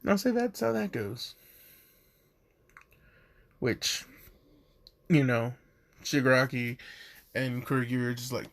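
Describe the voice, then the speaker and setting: A man's voice: mid-range voice, very animated, unhurried, vocal fry, long pauses, fairly bright tone, dry recording. A young man casually telling a fan story, rambling with lots of "like" and jumping into quoted voices.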